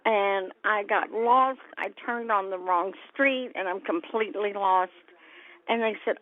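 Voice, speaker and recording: An older woman recounts a story as an interview guest, slipping into the voices of the people she quotes. Her voice sits at a middle pitch. The sound is thin and tinny, as if heard over a phone line. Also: measured pace. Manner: lively storyteller who acts out quoted voices.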